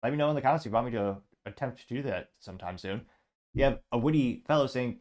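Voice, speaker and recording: A man's voice: medium pitch, lively intonation, fast talker, darkish tone. A man hosting a political commentary show, reading social media replies aloud with sarcastic, wry asides. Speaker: podcast host.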